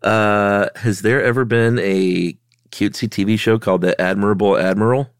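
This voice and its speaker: A man's voice: lowish voice, steady tone, normal speed, no room sound, clean studio sound. A man co-hosting a podcast in easygoing casual chat, stuffy from a head cold. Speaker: podcast co-host.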